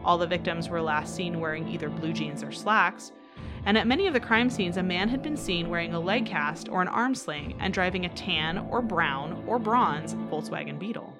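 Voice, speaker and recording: A woman's voice: fairly low pitch, normal speed, over music. Woman reading out a true crime case. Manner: reads case notes steadily, then laughs and acts out quotes. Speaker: podcast co-host. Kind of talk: true crime podcast, reading a script then chatting.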